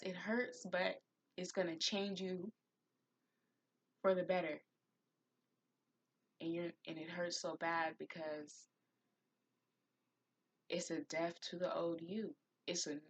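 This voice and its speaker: A woman's voice: lowish voice, a little hiss or hum. A woman giving a spiritual tarot reading, heartfelt and encouraging, who admits to getting emotional. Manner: gets emotional. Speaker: tarot reader.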